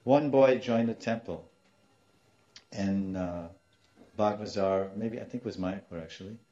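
A man giving a storytelling sermon as a spiritual teacher, animated and acting out voices in his tale, in a dull lo-fi recording. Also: on the low side, measured pace. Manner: animated, acts out quoted voices, laughs now and then.

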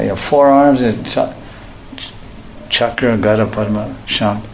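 A man preaching a storytelling sermon, animated and often laughing as he acts out the voices in his story, in an echoey room. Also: on the low side, normal speed, slight background noise.

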